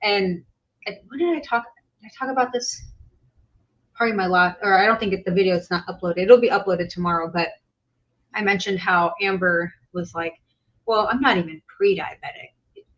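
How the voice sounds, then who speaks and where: A woman host talks in a relaxed, conversational way. She makes her points bluntly and without fuss. The audio is a little dull and lo-fi. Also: mid-range voice, brisk. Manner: blunt, matter-of-fact commentary. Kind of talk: casual reaction chat.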